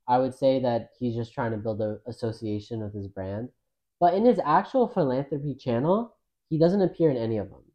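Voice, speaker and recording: A man co-hosting a casual podcast chat, relaxed and thoughtful, gently pushing back on points. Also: mid-range voice, a little fast, highs cut off.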